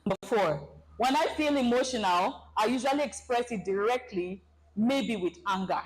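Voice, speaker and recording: A woman giving a relationship seminar, animated and acting out everyday scenarios for her audience. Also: a little high, moderate pace, husky, low-quality recording. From Nigeria. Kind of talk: presentation talk to an audience.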